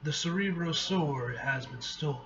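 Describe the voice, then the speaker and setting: A man reading an earnest, scholarly male mutant from a comic, in a measured, explaining manner. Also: on the high side, highs cut off, a crowd in the background, lightly acted.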